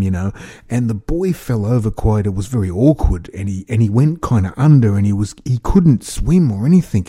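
A man's voice: medium pitch, mellow, breathy edge. An Australian man rambling through a casual monologue to his viewers, with an incredulous, chuckling way of talking. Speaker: vlogger.

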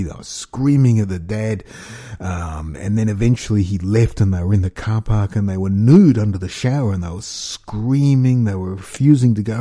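Husky, dark-voiced Australian man ranting. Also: lowish voice. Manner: rambling and incredulous, with chuckles. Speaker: vlogger. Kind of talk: casual rant monologue.

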